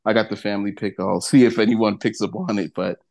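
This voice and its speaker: A man's voice: lowish voice, fairly even intonation, quick pace, gravelly, darkish tone. A man co-hosting a casual podcast, telling stories with lots of laughter and swearing. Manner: laughing, profane storytelling. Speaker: podcast co-host.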